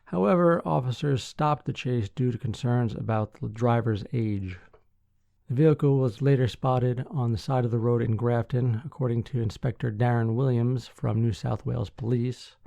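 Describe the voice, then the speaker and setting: Gravelly, sleepy man reading the news. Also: medium pitch, moderate pace, mellow, no echo. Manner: reads articles aloud with dry asides. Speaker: podcast host. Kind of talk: casual news-reading podcast.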